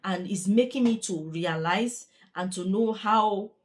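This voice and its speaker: A woman's voice: medium pitch, measured pace. A young woman, a care worker talking in a chatty, earnest, repetitive way in a casual vlog. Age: young adult.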